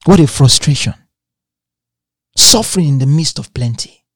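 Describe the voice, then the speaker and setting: Husky-voiced man preaching with emphasis. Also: a little high, animated, moderate pace, no room sound, clean studio sound. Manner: emphatic, repeating phrases and quoting scripture. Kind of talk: sermon.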